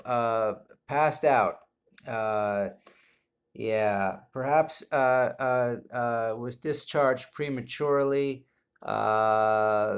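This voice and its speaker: Slow, halting, deadpan man. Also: mid-range voice, smooth. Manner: rambling, halting, deadpan, heavy with fillers. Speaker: whisky reviewer. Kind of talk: comedic monologue review. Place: indoors at home.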